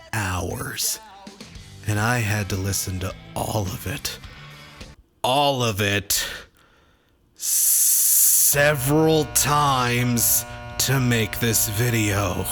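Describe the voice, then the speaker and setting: A man hosting a comedic album review, ranting with exasperation and a lot of swearing. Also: mid-range voice. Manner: exasperated, swearing, deadpan complaints. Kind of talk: profane comedic music review rant.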